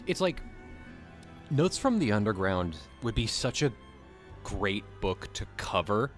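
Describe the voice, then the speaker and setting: Excitable rambling man, live chat. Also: fairly low pitch, measured pace, soft background music. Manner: excitable, rambling, laughs often. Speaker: co-host. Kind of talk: casual livestream chat.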